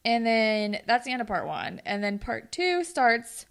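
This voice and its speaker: Young woman podcast co-host, a bit high voice, sarcastic play-by-play recap, acts out the lines. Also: unhurried, gravelly, smooth. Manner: sarcastic, animated retelling with quoted voices. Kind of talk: casual recap chat.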